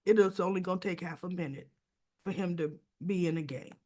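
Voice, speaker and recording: A woman giving a chatty, casual recap of a TV soap episode, often clearing her throat. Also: fairly low pitch, fairly quick, dark tone. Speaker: soap opera reviewer.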